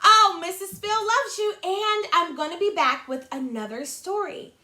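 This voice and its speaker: A woman's voice: extremely high pitch, unhurried, pushed and bright, a little hiss or hum. A woman teacher reading a picture book to young children in a sing-song, encouraging way. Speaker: kindergarten teacher.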